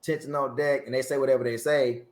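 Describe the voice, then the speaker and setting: A man's voice: mid-range voice, fast. A man in his forties, a Marine veteran guest, telling a story in an interview and acting out the dialogue. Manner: lively storyteller who acts out dialogue. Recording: roomy echo.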